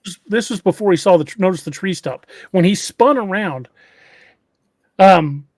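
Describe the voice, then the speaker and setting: A man's voice: high voice, animated, normal speed, a little mellow, dry recording. A man hosting a podcast, retelling an eerie encounter story in a casual way, often restarting phrases. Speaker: podcast host.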